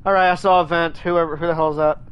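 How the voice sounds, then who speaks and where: A man's voice: a little high, little pitch movement, fast, a bit bright, clean tone, dull audio. A young man streaming a game in casual chat, whining and ranting in exasperation, repeating his complaints.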